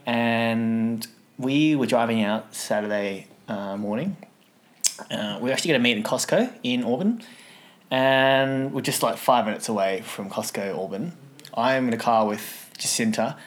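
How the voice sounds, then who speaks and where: A man with a medium-pitched voice co-hosts a casual podcast. He jokes back and forth with easy banter and tosses in quick yeahs. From Australia. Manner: joking banter, quick affirmations. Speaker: podcast co-host. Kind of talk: casual chat.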